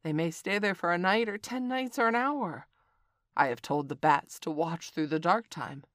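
Shrill male kite bird, a loud, high caller delivering an urgent message, as a woman reads it out; a storybook reading on a dry track. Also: animated, moderate pace, dry recording. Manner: high, calling out loudly.

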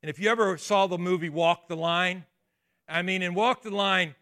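A pastor preaching a sermon, talking in an emphatic, conversational way and throwing rhetorical questions at the congregation. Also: male voice, high-pitched, steady tone, normal speed, sharp tone. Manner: conversational asides and restarts.

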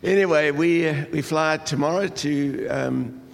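A man's voice: on the high side, measured pace, gravelly, in a large hall. An older man from Durban, a pastor opening a sermon in a jovial, rambling way and laughing often, tired from lack of sleep. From South Africa (Durban). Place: church hall.

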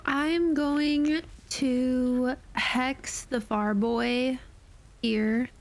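A woman's voice: high voice, fairly even intonation, drawn-out words. A woman playing a tabletop game, cheerful and thinking aloud as she adds up her dice. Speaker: player.

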